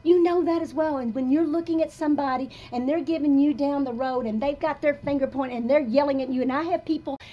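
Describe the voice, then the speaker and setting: A woman of about sixty giving a live motivational talk to an audience in a coffee shop, emphatic and confessional, swinging between soft and loud. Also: high voice, steady tone, a little fast, hardly any pauses, muffled recording, a little hiss or hum. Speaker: motivational speaker.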